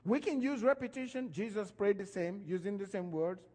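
High-voiced preacher in a reverberant hall. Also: male voice, normal speed. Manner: animated preaching, voice rising and falling in emphasis. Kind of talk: sermon.

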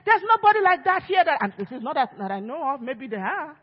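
A woman's voice: high voice, big pitch swings, fairly quick. Woman pastor, emphatic sermon, long church echo, dull lo-fi sound. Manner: emphatic preaching, acts out quoted voices. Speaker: lead pastor. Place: church sanctuary.

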